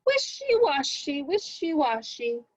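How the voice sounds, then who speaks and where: A woman's voice: very animated, unhurried, husky, dry recording, dull audio, exaggerated voice. A woman voicing a cross, bossy farm woman who scolds muddy animals in a children's storybook read-aloud. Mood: scolding. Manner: shrill and scolding.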